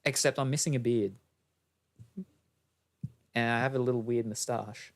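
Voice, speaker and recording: A co-host in casual streamed chat with puppets, talking haltingly with many fillers. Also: mid-range voice, fairly even intonation.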